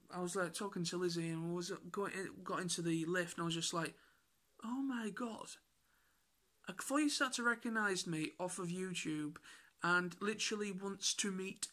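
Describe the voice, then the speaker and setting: A man with an excitable, rambling way of telling stories in a casual vlog recap. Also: high-pitched. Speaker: YouTuber.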